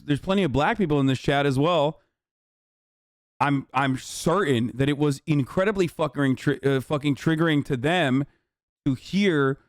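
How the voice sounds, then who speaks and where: A man's voice: a little high, no echo, studio quality. A male livestreamer ranting heatedly and profanely at his chat.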